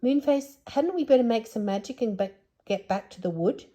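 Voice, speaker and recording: A woman voicing an anxious, excitable young girl in a storybook reading. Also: on the high side, moderate pace, muffled recording, voice pushed up. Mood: coaxing. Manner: urgent, excitable.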